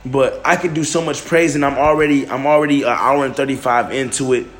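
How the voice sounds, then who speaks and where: A man's voice: mid-range voice, steady tone, a little fast. A man hosting a solo podcast, talking loosely with lots of restarts and fillers. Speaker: podcast host. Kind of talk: casual solo podcast monologue. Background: faint music.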